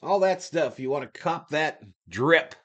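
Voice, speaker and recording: A man hosting a live sports stream, chatting in an upbeat, slangy way and giving shout-outs to his chat. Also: a little high, a little slow, highs cut off.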